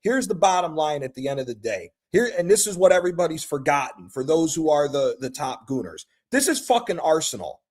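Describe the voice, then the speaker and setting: High-voiced American guy, heated caller, swears a lot, relentless. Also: very animated, brisk, few pauses, darkish tone. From United States. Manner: passionate, profane, emphatic. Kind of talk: heated call-in rant.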